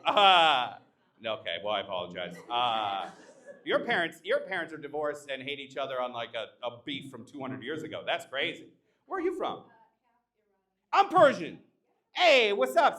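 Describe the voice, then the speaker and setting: Brash, animated young male comedian. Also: a little high. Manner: brash, crowd-teasing, animated. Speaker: stand-up comedian. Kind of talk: live stand-up set with crowd work. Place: live comedy show at an art exhibition.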